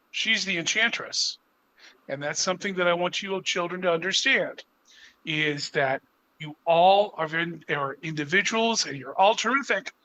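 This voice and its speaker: A man who performs as Santa, speaking gently and earnestly to children about family. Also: fairly high pitch, a little hiss or hum, poor audio. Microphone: video call.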